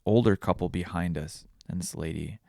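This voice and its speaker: Low gravelly-voiced man rambling on a podcast. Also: moderate pace, a little mellow, no echo, studio quality. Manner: rambling, self-deprecating, crude jokes. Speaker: podcast host. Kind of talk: casual solo podcast monologue.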